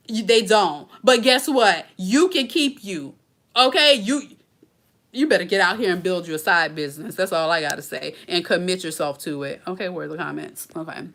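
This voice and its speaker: Bright-voiced chatty woman streaming live. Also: lowish voice, animated, normal speed. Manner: chatty, emphatic, talks straight to viewers. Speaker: blogger hosting a live Q&A. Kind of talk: casual live-stream chat.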